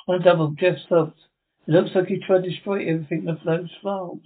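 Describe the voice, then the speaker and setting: A man's voice: high voice, little pitch movement, brisk. Man reading a script, tinny sound. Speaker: narrator.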